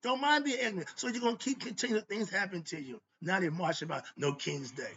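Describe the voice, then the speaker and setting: A man's voice: high-pitched, quick pace, hardly any pauses, fairly bright tone, breathy edge, lo-fi sound. A man hosting a philosophy monologue, talking in casual slang and ranting fiercely as he preaches. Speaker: host.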